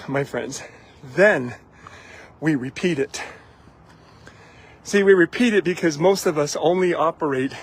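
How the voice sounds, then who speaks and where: A man's voice: on the high side, breathy edge. A man giving a motivational talk, driving points home with repeated rhetorical questions and the odd chuckle. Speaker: motivational speaker.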